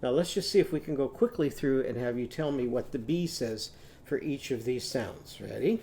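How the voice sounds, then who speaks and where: Mellow-voiced man teaching phonics. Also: medium pitch, animated, normal speed, a little hiss or hum. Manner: patient, coaxing, sing-song, prompts children to repeat. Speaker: literacy teacher. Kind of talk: children's phonics lesson with sung animal sounds.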